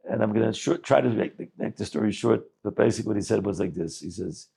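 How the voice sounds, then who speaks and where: A rabbi giving a talk, telling a story in animated English sprinkled with Yiddish words and frequent restarts. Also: male voice, on the low side, fast talker, gravelly, hardly any pauses, breathy edge.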